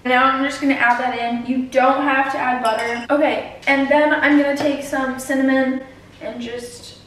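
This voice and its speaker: A woman's voice: sits high, flat delivery, normal speed, fairly bright tone. A teenage girl vlogging casually while cooking in her kitchen, talking with lots of fillers. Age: teens. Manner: chatty, many fillers, talks while mashing. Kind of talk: casual cooking vlog chat. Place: home kitchen. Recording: very echoey room, distant mic.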